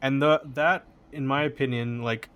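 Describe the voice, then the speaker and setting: Rambling man, mid-pitched guest. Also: steady tone, normal speed, fairly bright tone, clear, resonant tone. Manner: rambling, heavy use of "like". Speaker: podcast guest. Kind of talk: casual chat.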